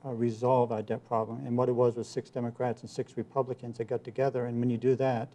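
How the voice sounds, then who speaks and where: Mellow-voiced male political candidate. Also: mid-range voice, flat delivery, fast talker. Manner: earnest, repeats himself, campaign talking points. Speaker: congressional candidate, guest. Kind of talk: political interview answers.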